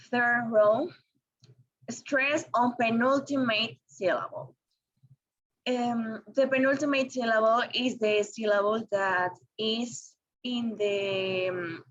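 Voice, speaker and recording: Woman, class presentation, slow, hesitant, dull recording. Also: a little high. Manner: slow and careful, with frequent ums and restarts.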